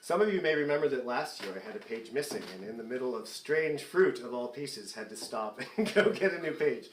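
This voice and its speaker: A man in his forties hosting a fundraising concert remotely chats easily between songs, often laughing and making fun of himself. His mid-range voice is brisk with lively intonation, recorded in a reverberant space with a little hiss or hum.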